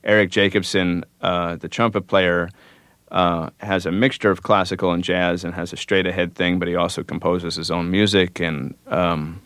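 A man with a very low, smooth and resonant voice talks through his answers in a radio studio. He muses without hurry and drifts through plenty of "uh"s and "um"s. The sound is close and dry, with no room around it. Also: flat delivery, fairly bright tone, no room sound. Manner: thoughtful, unhurried, with frequent fillers. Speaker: musician guest. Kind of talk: relaxed radio interview answers.

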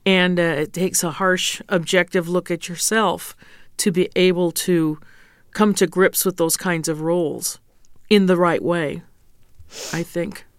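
A woman's voice: on the low side, fairly even intonation, unhurried, clear, resonant tone, no echo, studio quality. A woman opera singer as an interview guest, frank and teasing as she coaches pronunciation. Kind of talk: casual interview.

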